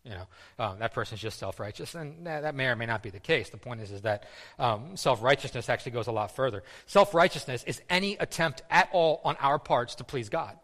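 A man preaches a sermon casually and conversationally, often repeating words and using fillers. His medium-pitched voice is expressive, brisk, and a bit bright, with the long reverb of a hall around it.

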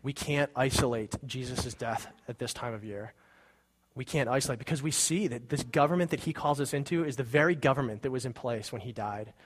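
Male pastor, mid-pitched, earnest sermon delivery, fervent peaks, loose casual asides. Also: fairly quick. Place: church sanctuary.

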